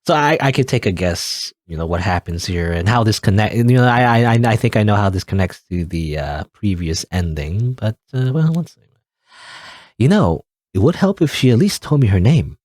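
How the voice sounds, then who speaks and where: A man's voice: lowish voice, big pitch swings, normal speed, a little mellow, no echo, studio quality. A man giving rambling, self-deprecating commentary while playing through a visual novel. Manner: rambling, self-deprecating, laughs at his own voices. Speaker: let's play host. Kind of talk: casual gameplay commentary.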